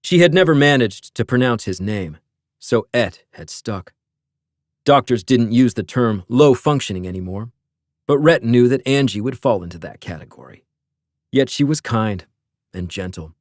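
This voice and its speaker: A man's voice: lowish voice, expressive, moderate pace, no room sound. Man narrating an audiobook, dry and close. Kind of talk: scripted narration.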